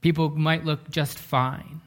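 A man preaching a sermon, telling a story earnestly, slowing down and dropping to a hush for emphasis. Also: on the high side, flat delivery. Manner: earnest, often slows down and drops to a hush for emphasis. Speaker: pastor.

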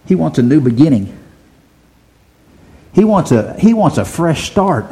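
Guy preaching, kinda high voice, keeps asking the church questions and repeating himself. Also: big pitch swings, a little slow, mellow. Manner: asks rhetorical questions to the congregation; repeats and restarts phrases for emphasis. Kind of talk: sermon.

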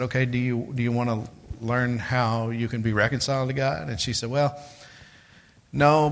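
A man's voice: medium pitch, a bit bright. A man preaching a sermon in a conversational way, talking to listeners as "guys" and telling stories from his street witnessing. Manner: tells street witnessing stories, voices others in quotes.

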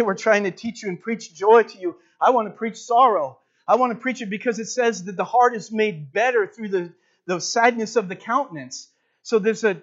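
A man preaching a sermon to a congregation, emphatic, rising loud and then dropping soft. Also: sits high, highs cut off.

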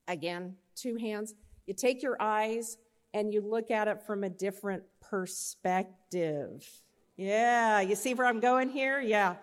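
A woman giving a chapel talk, telling a Bible story with animated voices and often checking in with her listeners. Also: on the high side. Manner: animated, acts out characters in the story. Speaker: chapel speaker.

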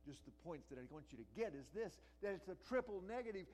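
A man's voice: sits high, big pitch swings, fast, hardly any pauses, low-quality recording. Emphatic pastor, man preaching. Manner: emphatic, builds to loud repeated cries then drops to a quiet prayer. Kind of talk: sermon. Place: church before a congregation.

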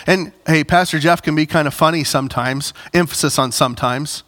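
A man's voice: fairly high pitch, fairly bright tone. A man preaching a sermon, addressing the congregation directly and rising into emphatic bursts. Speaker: pastor.

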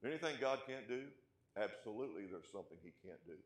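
A man preaching a sermon as pastor, asking his congregation questions and punching key points, then dropping to a hush. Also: on the low side, expressive, quick pace, reverberant. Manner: emphatic, rising loud on key points, then dropping quiet; asks the congregation rhetorical questions.

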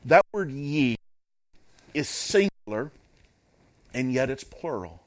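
A man's voice: medium pitch, sing-song, takes it slowly. A man preaching a sermon as pastor, in an emphatic, repetitive preaching cadence.

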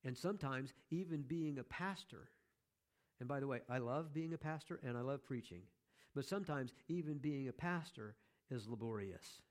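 A man's voice: medium pitch, normal speed. A man preaching a sermon as pastor, conversational, with joking asides to the congregation.

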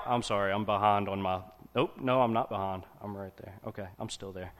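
A man giving a casual, conversational sermon to a congregation, often pausing to check in with his listeners. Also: lowish voice. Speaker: preacher.

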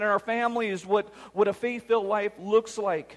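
A man's voice: high-pitched, fairly even intonation, normal speed, hardly any pauses. A middle-aged man preaching a sermon as pastor, earnest and emphatic, in a church sanctuary. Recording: long reverb of a large hall.

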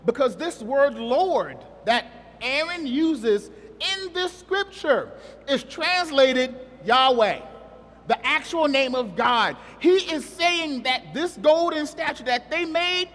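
A man's voice: extremely high pitch, a bit bright, long reverb tail. A man preaching a sermon in a conversational, joking way, asking the congregation questions.

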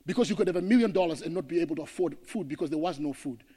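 A man from Zimbabwe, a pastor preaching an impassioned sermon that swings between loud declarations and hushed passages. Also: a little high, rapid-fire, husky, long reverb tail.

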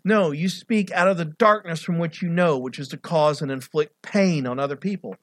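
A middle-aged male pastor preaching an animated sermon, swinging between loud, raised passages and quiet asides. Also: a little high, moderate pace, no echo.

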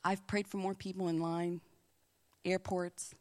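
A woman's voice: fairly low pitch, level tone, measured pace. A middle-aged woman sharing a faith testimony in a chatty, earnest storytelling style. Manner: chatty, acts out quoted voices in dialogue. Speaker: Christian speaker.

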